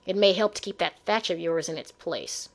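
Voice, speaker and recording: A woman's voice: on the low side, moderate pace, gravelly. A woman voicing a stern older male duke who speaks curtly and dismissively. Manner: curt, dismissive.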